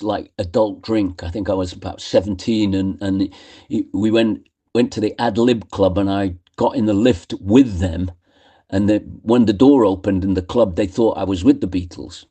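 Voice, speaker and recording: An older man with a low, mellow voice tells stories in a loose, chatty way. He drops into the voices of the people he quotes as the anecdotes roll on, like a guest on a radio studio interview. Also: fairly even intonation, normal speed. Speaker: guest musician.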